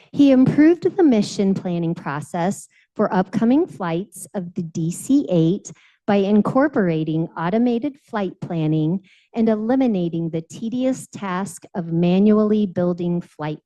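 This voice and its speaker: A woman's voice: on the low side, warm tone, low-quality recording. Woman reading a formal introduction. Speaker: meeting host introducing a speaker.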